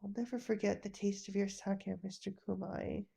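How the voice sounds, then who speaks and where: A woman voicing an earnest teenage boy who speaks quietly and softly in a storybook reading. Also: mid-range voice, steady tone, normal speed, creaky. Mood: sad, soft. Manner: quiet and soft-spoken.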